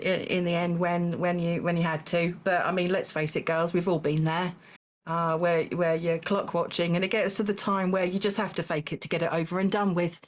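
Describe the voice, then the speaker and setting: A woman hosting a live charity game show stream, dry and teasing, with frequent ums and restarts. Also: mid-range voice.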